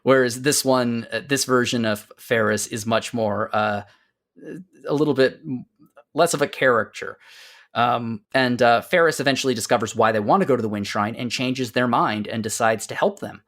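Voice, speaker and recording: Brief: podcast host, man, casual chat, lively quoted character voices. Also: mid-range voice, normal speed. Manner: recapping a story with playful quoted voices. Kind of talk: casual game discussion.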